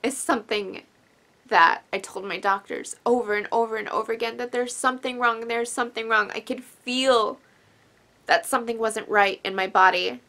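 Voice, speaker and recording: A woman's voice: on the high side, moderate pace, pushed and bright. A young woman vlogger telling a personal story in a rambling, emotional way, sighing and apologizing, tearful at times.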